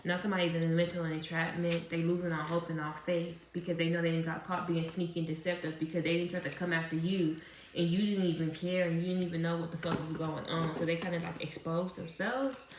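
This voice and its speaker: A woman's voice: fairly low pitch, level tone, fast, a little hiss or hum. A woman doing a casual tarot reading, chatty and profane, who laughs often as she talks. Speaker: tarot reader. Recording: roomy echo.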